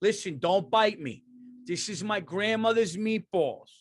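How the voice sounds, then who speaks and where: A man voicing a middle-aged Italian-American tough guy coaxing someone to calm down, emphatic and pleading. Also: sits high, measured pace, pitched above the performer's own voice.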